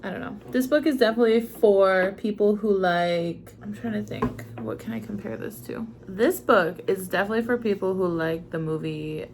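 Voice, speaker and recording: A woman's voice: mid-range voice, moderate pace, hardly any pauses, noisy background. A young woman at home, ranting casually about a book she read, swearing freely and acting out lines from it. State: tired from cleaning. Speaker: book vlogger. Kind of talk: casual chat. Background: faint household sounds, washing machine running.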